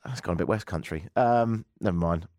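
A man's voice: deep voice, a little fast, a little mellow, no room sound, studio quality. A man hosting a radio show, giving casual commentary with wry, rambling jokes and asides. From England. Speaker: radio host.

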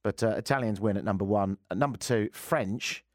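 A man's voice: on the low side, fairly quick, no room sound. A man hosting a talk radio show, chatting casually in a joking, teasing way into a studio microphone.

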